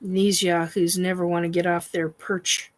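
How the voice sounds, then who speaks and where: A woman's voice: lowish voice, level tone, measured pace, rough recording. A woman hosting a casual paranormal chat stream, rambling with many fillers, defiant and swearing.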